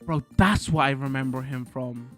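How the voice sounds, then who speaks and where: A man chatting casually on a livestream, animated and swearing as he rants to his chat from a hot room with a fan running. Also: medium pitch, moderate pace, soft background music.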